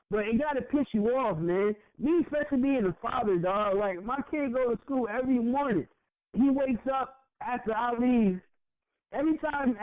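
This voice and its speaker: Young male podcast co-host, high-pitched and heated, profane, repeats himself. Tinny phone-like audio. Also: no room sound. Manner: heated, profane, repeats words when worked up. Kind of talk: impassioned casual podcast rant.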